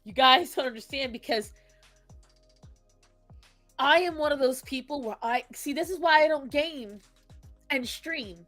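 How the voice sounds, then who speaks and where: Woman, streamer, high voice, animated, dramatic, swears, faint music. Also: measured pace, long pauses. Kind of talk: casual gaming chat.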